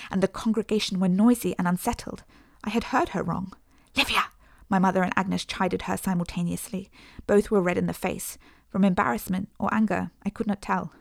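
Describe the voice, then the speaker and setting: An audiobook narrator reading a first-person story in a measured, earnest voice. The sound is dry and close-miked, with no room echo. Her pitch is middling for a woman, neither high nor low. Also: vocal fry.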